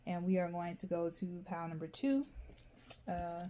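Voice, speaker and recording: A woman giving a casual, rambling tarot reading, chatty and quick to laugh. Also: on the low side, lively intonation, dark tone. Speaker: tarot reader.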